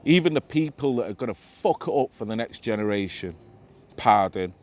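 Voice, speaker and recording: A man's voice: medium pitch, lively intonation, normal speed. A middle-aged man ranting emphatically to camera in a vlog, swearing freely. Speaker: vlogger. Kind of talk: impassioned monologue to camera.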